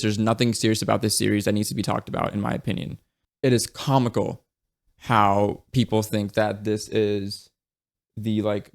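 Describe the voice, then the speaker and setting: A man with a gravelly, lowish voice delivers a casual, blunt book review. He swears freely and keeps restarting his sentences.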